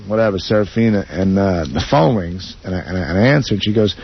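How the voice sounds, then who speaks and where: A man guesting on a radio show, rambling through a story with halting restarts. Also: low-pitched, expressive, vocal fry, husky. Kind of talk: casual radio banter. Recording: muffled radio broadcast.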